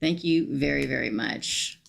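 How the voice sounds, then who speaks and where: Background noise accompanies a middle-aged woman's very deep, slightly slow voice, which carries vocal fry. She hosts a tarot reading on a livestream, chatty and emphatic, frequently asking her viewers "okay?"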